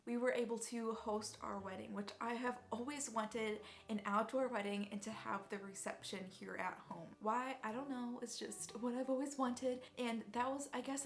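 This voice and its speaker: Young woman vlogging, chatty and rambly, says like a lot, slightly high pitched. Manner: emotional, sincere. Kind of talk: personal storytelling.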